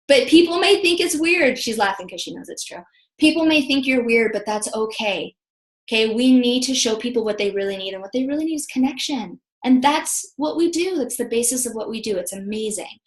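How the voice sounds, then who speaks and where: A woman in her thirties leading a motivational team training call, telling chatty, animated stories. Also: mid-range voice, fairly quick, reverberant. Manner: chatty, animated storytelling with acted quotes. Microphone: video call.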